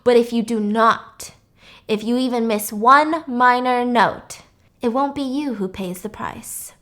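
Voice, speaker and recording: A woman's voice: on the high side, a little slow, a bit bright. A woman voicing a smug manipulative music master. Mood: menacing. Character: manipulative middle-aged male music master.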